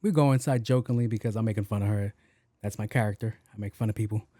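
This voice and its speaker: A man hosting a podcast, telling a story in a casual, animated and profane way and acting out the dialogue. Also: fairly low pitch, fast, no room sound, clean studio sound. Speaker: podcast host.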